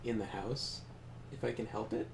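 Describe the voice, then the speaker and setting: A young man streaming a game, telling animated, profanity-laced stories in casual chat. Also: lowish voice, normal speed, noisy background. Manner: animated storytelling, swears often. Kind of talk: casual chat while gaming.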